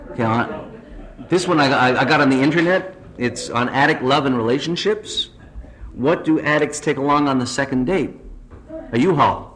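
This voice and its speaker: A man's voice: mid-range voice, moderate pace, a bit bright. A man telling a string of jokes to a recovery group, chuckling through his punchlines. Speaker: speaker at a recovery meeting. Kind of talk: stand-up joke telling.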